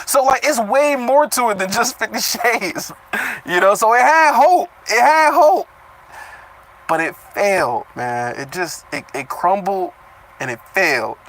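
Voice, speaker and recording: A young man with a bright, fairly high voice reads a fantasy chapter aloud on a live stream. He keeps breaking off to riff with loose, profane commentary and trips over tricky words. It is casual and unpolished. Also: rough recording. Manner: animated, swears freely, breaks off reading to riff, stumbles over words. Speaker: reaction streamer reading a web novel aloud.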